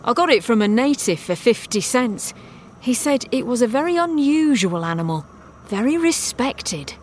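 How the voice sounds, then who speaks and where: An eager, nervous young crewman, as a woman puts him on in a storybook speaks in a raised, hopeful voice. He sounds apologetic and keen to please. His lines come out brighter and louder than the narration. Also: on the high side, expressive, moderate pace, slight background noise, voice pushed up, lightly acted, rough recording.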